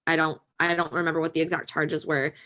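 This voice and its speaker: A woman's voice: sits low, level tone, fast, sharp tone. A woman in her twenties, a podcast guest speaking candidly and chattily about her own experiences. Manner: candid, chatty, sharing personal story. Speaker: interview guest. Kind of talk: interview conversation.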